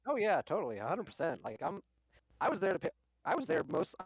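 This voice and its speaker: Fast-talking male tabletop player. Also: high voice, huge pitch swings, slightly rough. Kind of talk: casual tabletop play.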